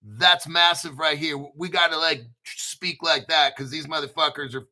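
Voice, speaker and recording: A man's voice: on the high side, steady tone, normal speed, bright, forceful tone. A man hosting a crypto show, talking in a hyped, conspiratorial, profane way. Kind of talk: excited crypto commentary.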